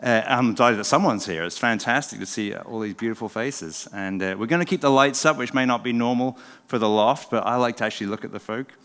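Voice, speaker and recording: A middle-aged man from England with an English accent softened by a southern drawl, giving a relaxed, self-deprecating talk to a live audience as a former pastor. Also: mid-range voice, a little fast, few pauses. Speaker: pastor and speaker. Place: church event hall. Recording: long hall reverb.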